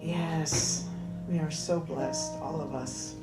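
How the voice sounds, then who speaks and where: A woman's voice: deep voice, fairly even intonation, slow pace, loud music behind the voice. Woman minister in an echoey church hall. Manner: chatty, warm asides to congregation. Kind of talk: church announcements and sermon. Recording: roomy hall, voice from far off.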